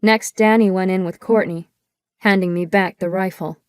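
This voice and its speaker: Woman reading an audiobook, steady descriptive telling, middle-pitched, super dry close mic. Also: clear, resonant tone, no echo. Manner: measured, descriptive storytelling. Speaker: audiobook narrator. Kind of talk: first-person audiobook narration.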